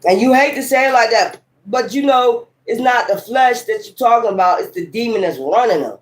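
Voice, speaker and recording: Her voice sits on the high side with lively intonation at normal speed, and the recording quality is low. Reading tarot casually to camera, she rambles bluntly and heatedly, swearing a lot and erupting in sudden exclamations.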